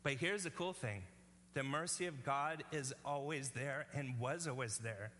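A man's voice: medium pitch, a little slow, fairly bright tone, big-room sound, a little hiss or hum. A male pastor preaching a sermon in an earnest, conversational way, often checking in with the congregation.

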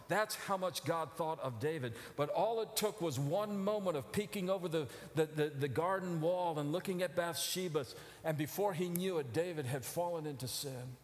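A middle-aged male pastor preaching a sermon, moving from quiet reflective passages to loud emphatic outcries. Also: high voice, in a large hall. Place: church sanctuary.

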